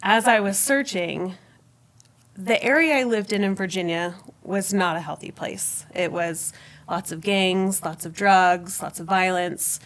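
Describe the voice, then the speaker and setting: A woman guest on a podcast telling her personal faith story in conversation. She is an animated storyteller who laughs often and acts out what she said at the time. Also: medium pitch, a little slow.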